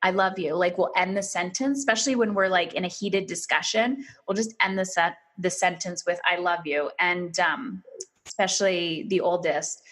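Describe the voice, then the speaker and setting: A woman's voice: lowish voice, normal speed, a bit bright. A woman in her thirties, a parenting coach guest on a podcast, talking earnestly and with emphasis in a casual interview.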